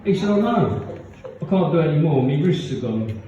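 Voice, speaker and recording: A stand-up comedian tells rambling jokes at a pub gig, laughing at his own punchlines before a live audience in a function room. His voice is a little high, very animated and brisk, and the recording is echoey, distant and dull, with background noise.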